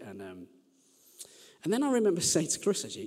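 A man from Birmingham preaches with a bright, fairly high voice that swoops up and down. He tells his stories in a chatty, self-deprecating way, full of restarts. His voice rings with the long reverb of a large church hall. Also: huge pitch swings, fairly quick. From Birmingham, England. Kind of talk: sermon.

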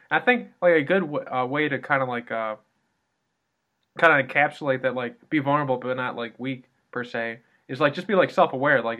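A man's voice: medium pitch, pushed and bright. An American man co-hosting a casual chat, talking in loose tangents and leaning on "like" and restarts. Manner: chatty, tangential, heavy use of "like". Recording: dull lo-fi recording.

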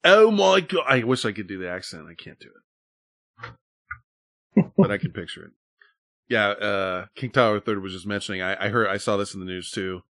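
A man's voice: on the low side, moderate pace, pauses often, bright, forceful tone, no room sound, studio quality. A man hosting a podcast in casual chat, rambling, laughing often and swearing freely. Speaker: podcast host.

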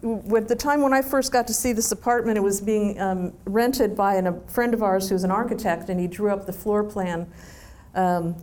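A woman answering audience questions in a chatty, relaxed way, with frequent ums and restarts. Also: medium pitch. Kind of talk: casual Q&A answers.

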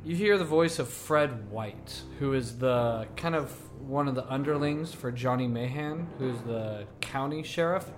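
A man's voice: medium pitch, faint music behind. Laid-back male game master. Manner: relaxed, halting narration with frequent fillers. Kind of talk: narrating a tabletop game.

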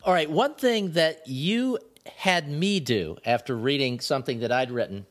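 A man with a somewhat high voice co-hosts a casual podcast about writing. He speaks in a measured, hesitant way, pausing and repeating words while he gathers his thoughts. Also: animated. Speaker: podcast co-host.

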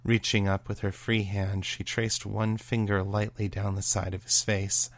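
A man narrating a serial story in a steady, even reading voice. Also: lowish voice, measured pace, dry recording.

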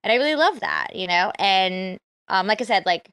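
A woman comedian, a guest on an online audio show, chatting casually, energetic and loud, swearing freely. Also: medium pitch, normal speed, smooth, no echo. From Filipino heritage. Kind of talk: casual chat. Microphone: phone.

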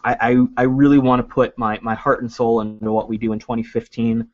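A man's voice: mid-range voice, steady tone, fairly quick, dry recording. A man co-hosting a gaming podcast, joking and heartfelt, with some hesitation. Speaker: podcast co-host. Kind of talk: casual podcast chat. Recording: dull lo-fi mic.

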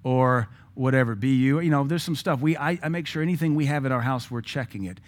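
A man's voice: mid-range voice, fast talker. A middle-aged man, preaching a sermon as pastor, telling stories with acted-out quotes and blunt asides.

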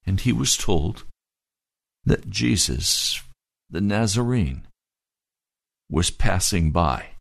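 A male pastor preaching a sermon, retelling a story in deliberate short phrases. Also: low-pitched, expressive, gravelly, dry recording, clean studio sound.

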